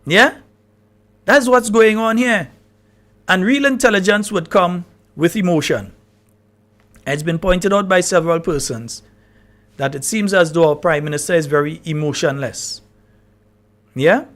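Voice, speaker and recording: A man's voice: high voice, unhurried, pauses often, fairly bright tone. A man hosting a live talk radio show, chatty and often checking that listeners understand. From Grenada.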